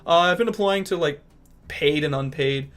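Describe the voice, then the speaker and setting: A young man in casual chat who talks in an animated, sporadic way about trying to become a voice actor. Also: a little high, moderate pace. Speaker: aspiring voice actor and podcast guest.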